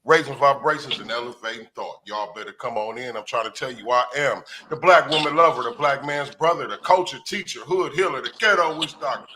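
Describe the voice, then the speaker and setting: A man's voice: mid-range voice, fairly quick, few pauses, background noise. A man co-hosting a casual livestream talk show, talking in a rhythmic, preacher-like hype style. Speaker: co-host.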